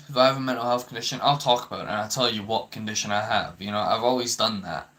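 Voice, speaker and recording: A man's voice: fairly low pitch, quick pace, hardly any pauses, bright, forceful tone. A young man ranting to his viewers, heated and swearing often, with frequent stammering restarts. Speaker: vlogger. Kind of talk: ranting commentary to camera.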